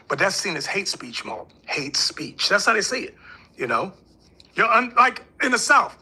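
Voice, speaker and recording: A man with a high, piercingly bright voice speaks with an emphatic, preachy drive. His tone carries a husky rasp as he lays out his views in an interview, now and then mimicking other voices. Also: big pitch swings, normal speed. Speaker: religious leader. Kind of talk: interview talk.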